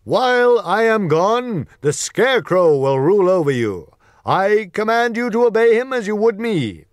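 A man's voice: fairly high pitch, sing-song, normal speed, darkish tone, no echo. A man voicing a humble, elderly male humbug wizard who speaks earnestly and turns proclaiming. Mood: commanding.

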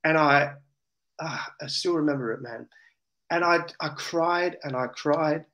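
A man's voice: a little high, measured pace. An Australian man, an interview guest, earnestly and emotionally recounting a personal testimony. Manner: earnest, emotional, animated retelling.

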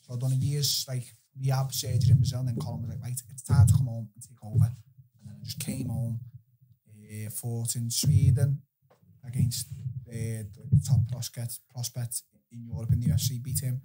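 A man with a Scouse accent, a podcast guest telling his stories in an animated way and swearing freely. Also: medium pitch, moderate pace. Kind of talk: casual storytelling.

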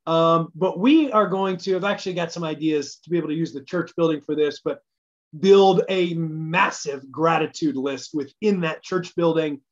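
A man's voice: fairly high pitch, normal speed. A man giving a casual midweek church talk as pastor, conversational and enthusiastic, thinking aloud as he goes. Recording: dull lo-fi recording.

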